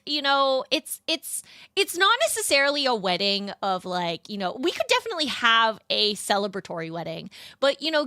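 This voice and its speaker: A woman's voice: on the high side, sharp tone, no echo, studio quality. A young woman streaming as a VTuber, chatting in a casual, rambling way with cutesy slang. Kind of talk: casual live-stream chat.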